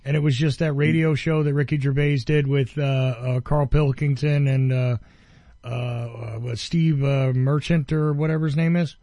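A man hosting a podcast in casual chat, rambling and joking as he pitches ideas. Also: steady tone, moderate pace, warm tone, no room sound. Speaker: podcast host.

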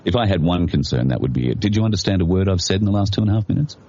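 A man with an Australian accent, a guest in an interview who enunciates clearly and jokes along. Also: low-pitched, lively intonation, very fast, mellow, muffled recording. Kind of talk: casual interview chat.

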